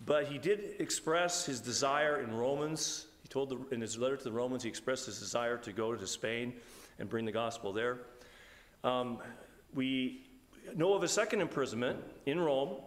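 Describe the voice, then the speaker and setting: A man's voice: medium pitch, normal speed. A man, a pastor, giving a conversational Bible study lecture in a church hall, often restarting his sentences. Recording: reverberant hall.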